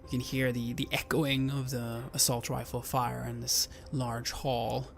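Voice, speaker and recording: Brief: male game master, mid pitch, steady narration with fillers, faint music. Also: a little slow, gravelly.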